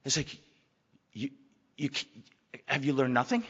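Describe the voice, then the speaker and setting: A man's voice: mid-range voice, lively intonation, unhurried, a bit bright, breathy edge. A middle-aged man giving a candid, rambling personal talk at a recovery meeting, often repeating his words. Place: meeting hall. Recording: lo-fi hall recording.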